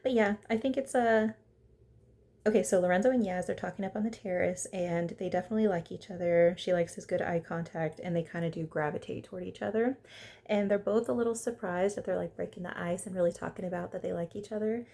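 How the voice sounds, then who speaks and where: A woman's voice: lowish voice, fairly even intonation, fast, vocal fry, dark tone. A woman recapping a reality dating show in a chatty, opinionated way, acting out the cast's lines as she goes. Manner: chatty and opinionated, quoting cast members in put-on voices. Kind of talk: casual recap chat.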